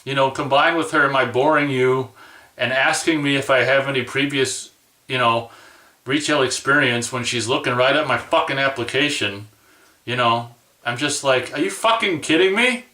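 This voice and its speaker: A man rants about his day, swearing freely and sounding worn out and exasperated. His voice is bright and a little tense. He sits back from the mic, so the room rings around him. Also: medium pitch, normal speed, reverberant, recorded from a distance. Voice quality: profane, exasperated, rambling. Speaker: vlogger. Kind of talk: angry personal rant.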